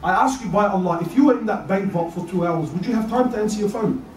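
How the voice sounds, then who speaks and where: A man delivers a lively sermon, swinging between joking asides and shouted emphasis. His voice sits very high for a man. He is heard from a distance in an echoey hall with faint background noise. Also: quick pace. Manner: animated, rising to shouts, playful asides. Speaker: preacher.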